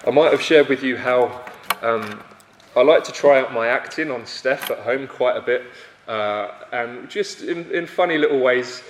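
A man's voice: medium pitch, moderate pace, a little hiss or hum. Young male preacher, mid-range voice, self-deprecating storyteller who stumbles and restarts, recorded in a roomy hall with long reverb. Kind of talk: sermon.

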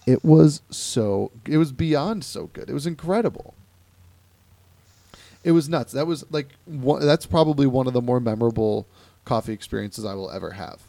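A man's voice: mid-range voice, normal speed, gravelly, dry recording. A young man from Ohio hosting a podcast, telling stories in a casual chat and acting out the people he quotes. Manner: animated storytelling with quoted voices. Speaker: podcast host.

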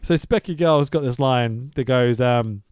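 A man hosting a casual podcast, recapping a film in an animated, sweary rant full of laughs. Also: medium pitch, a little slow, clear, resonant tone, no room sound, studio quality. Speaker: podcast host.

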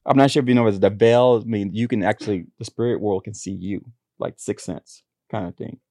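A man's voice: fairly low pitch, steady tone, fairly quick, darkish tone, no room sound, clean studio sound. A man telling personal stories as a guest in a casual interview, rambling with frequent restarts. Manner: rambling storytelling with many restarts. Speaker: author and actor, guest.

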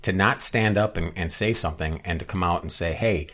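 A man chatting casually on a podcast, retelling a sitcom episode at length with restarts and loud acted-out quotes. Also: low voice, a little fast. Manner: rambling storyteller, many restarts, acts out quotes loudly. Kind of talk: casual chat.

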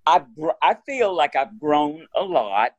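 An older woman, a guest in an interview, speaking gently. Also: low-pitched, big pitch swings, unhurried, no room sound, lo-fi sound. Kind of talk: casual interview.

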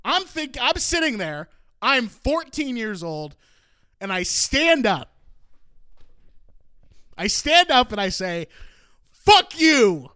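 A man in his twenties telling a profane comic story on a podcast, animated and prone to shouting out his own outbursts. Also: extremely high pitch, takes it slowly, pauses often, clear, resonant tone, dry recording, studio quality.

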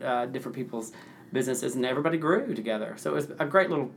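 Man, thirties, from the Nashville area, event planner, casual interview, rambling, excitable, laughs while talking, middle pitch. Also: very fast, vocal fry, slight background noise.

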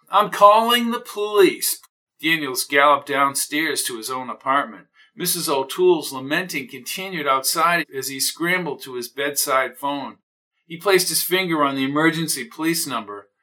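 Bright-voiced male mystery narrator. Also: fairly high pitch. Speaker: audiobook narrator.

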